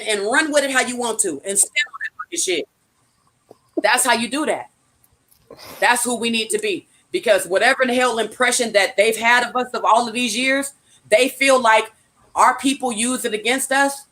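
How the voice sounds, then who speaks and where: A woman's voice: a little high, fairly bright tone. A woman from California giving a casual motivational talk, blunt and profane, repeating her key phrases like a preacher.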